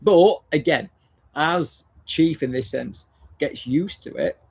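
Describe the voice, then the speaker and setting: A man's voice: on the high side, slow, creaky, darkish tone, husky. A man, a dog trainer hosting a casual live discussion, talking bluntly, swearing often and restarting his phrases.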